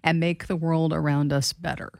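A woman co-hosting a talk radio show, reading news stories aloud in a steady, even tone. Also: deep voice, normal speed, vocal fry, dry recording.

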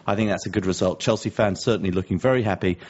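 A man's voice: deep voice, rapid-fire, a little mellow, lo-fi sound. A man co-hosting a podcast, chatting casually with dry, teasing banter. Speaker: podcast co-host. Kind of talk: casual chat.

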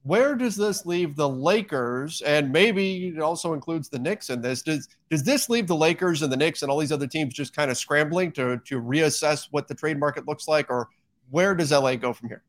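A man's voice: fairly high pitch, normal speed. A man hosting a casual podcast, steering the chat with questions to his co-host.

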